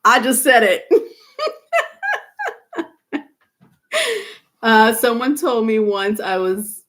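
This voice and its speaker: A woman's voice: on the high side, very slow, fairly bright tone. A woman giving a casual live-stream tarot reading, chatty and blunt, cursing freely and laughing often. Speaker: tarot reader.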